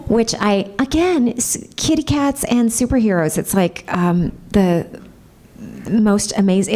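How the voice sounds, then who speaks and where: A voice actress chatting bubbly and gushing with fans at a convention panel. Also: female voice, mid-range voice, darkish tone.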